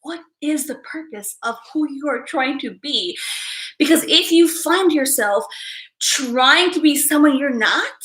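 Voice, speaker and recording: A woman's voice: sits high, fairly bright tone. A woman hosting a casual livestream, chatting straight to her viewers in a hyper, self-amused way. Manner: talks straight to viewers, often laughing at herself. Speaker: livestream host. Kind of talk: casual live-chat talk.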